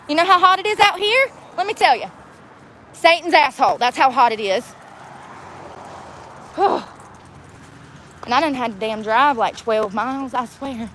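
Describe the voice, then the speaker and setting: In this ranting vlog, a woman talks about her homelessness with blunt, foul-mouthed candor while she is outside and in a car. Her voice is high and a bit bright, the audio quality is poor, and street and traffic sounds come through.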